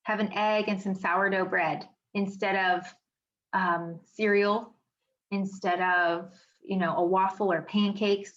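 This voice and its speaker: A chatty woman teaching a wellness seminar from home, talking emphatically and filling pauses with "um" and "you know". Her voice sits at an everyday middle pitch. The recording is a little dull and muffled. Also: steady tone, fairly bright tone. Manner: chatty, emphatic, frequent fillers. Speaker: wellness educator. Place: home office.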